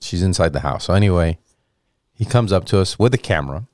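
A man in his thirties, a comedian guest, telling a rambling, animated story and acting out the voices of people in it. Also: low voice, fast, no room sound, studio quality. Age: 30s. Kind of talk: casual storytelling anecdote.

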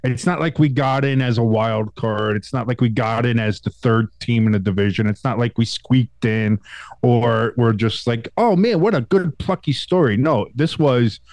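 Male podcast co-host with a cold, rambling and animated, dry close-mic sound. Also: mid-range voice, moderate pace, no room sound. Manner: rambling, animated, swears, many restarts. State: getting over a cold. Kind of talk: casual sports chat.

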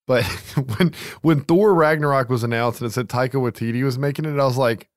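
A man hosting a podcast, chatting casually about films, animated, swearing freely and laughing often. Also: mid-range voice, brisk, dry recording, clean studio sound. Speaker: podcast host. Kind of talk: casual movie chat.

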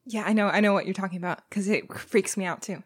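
A woman co-hosting a casual podcast, making teasing deadpan jokes. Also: mid-range voice, quick pace, husky, dry recording. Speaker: podcast co-host. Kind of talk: casual chat.

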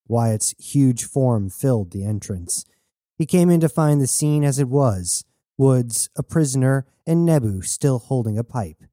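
A male audiobook narrator with a dark, medium-pitched voice tells the story in a steady, measured way. The studio recording is clean, with no echo.

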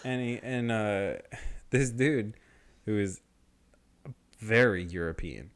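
A young man telling a story in casual chat, slangy, swearing a lot and animated. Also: lowish voice, takes it slowly.

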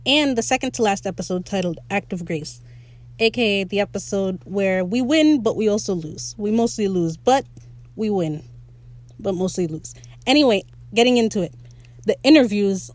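A young woman hosting a casual solo podcast, chatty and excitable as she recaps a show. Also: mid-range voice. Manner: chatty, excitable, quotes characters in playful voices. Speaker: podcast host.

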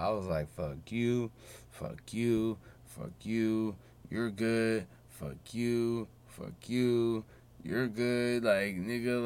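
Profane, boastful young male podcast host. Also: fairly low pitch. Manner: profane, boastful street slang. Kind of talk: casual solo podcast monologue.

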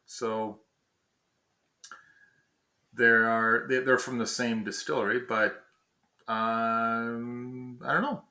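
A man's voice: medium pitch, fairly even intonation, slow pace, pauses often, bright, forceful tone. A man co-hosting a casual podcast chat, easygoing and a little hesitant as he talks. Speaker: podcast co-host.

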